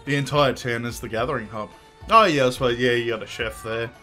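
A man in casual gameplay commentary, joking and crude as he rambles along. His voice is mid-pitched, with faint game music underneath. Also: fairly quick, pushed and bright. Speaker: game streamer.

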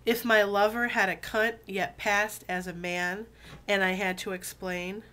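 Slow-talking sick woman, bright voice. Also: mid-range voice. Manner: relaxed, many um fillers, deliberate drawn-out reading. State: sick, voice lower than usual. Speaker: video blogger reading poetry. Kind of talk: casual chat and slow poetry reading.

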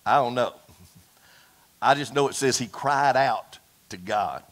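A man preaching a fiery sermon to his congregation, folksy and animated, calling out for amens. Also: mid-range voice, measured pace. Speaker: pastor. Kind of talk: impassioned Pentecostal-style sermon. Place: church service before a congregation.

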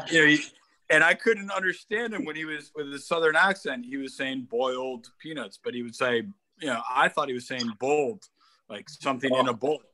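A man's voice: fairly high pitch, steady tone, moderate pace, sharp tone. A young man from Connecticut telling a light, rambling memory on a video call.

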